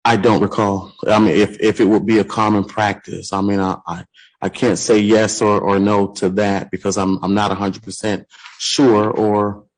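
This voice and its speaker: A man's voice: fairly low pitch, level tone, moderate pace, low-quality recording. A man testifying as a sheriff's deputy at a court hearing, formal and hesitant, answering with "yes, sir".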